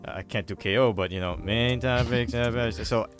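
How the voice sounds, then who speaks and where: A man hosting a podcast, retelling a story in a relaxed, rambling way with restarts. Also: mid-range voice, unhurried, soft background music. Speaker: podcast host. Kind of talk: casual podcast chat.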